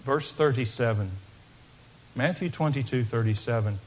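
A male pastor preaching a sermon, swinging from loud emphatic declarations down to hushed, quiet asides. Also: medium pitch, normal speed, a little hiss or hum.

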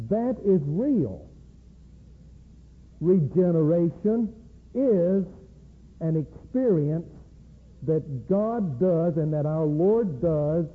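Male preacher, slightly high, husky, slow and deliberate; thin phone-like audio. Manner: slow, measured, deliberate emphasis. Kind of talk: evening sermon. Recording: tinny phone-like lo-fi recording.

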